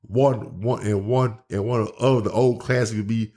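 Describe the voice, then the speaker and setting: A man's voice: on the low side, fairly even intonation, a little slow, dark tone. Rambling man telling stories. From Memphis, Tennessee, USA. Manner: loose, rambling, many restarts and fillers. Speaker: pro wrestler, guest host. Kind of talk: casual storytelling chat.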